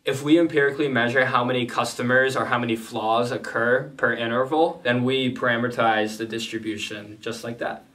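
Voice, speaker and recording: A man's voice: mid-range voice, steady tone, fairly quick, hardly any pauses, fairly bright tone, far from the mic. A man teaching a statistics lesson in a plain, methodical way, with casual asides. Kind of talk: explanatory lesson.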